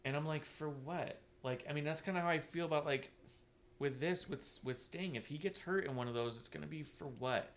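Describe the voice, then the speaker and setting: A man co-hosting a casual talk stream, animated and profane, who often mimics others in a mocking voice. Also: on the high side, brisk, a little hiss or hum. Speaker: podcast co-host. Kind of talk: casual chat. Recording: online stream.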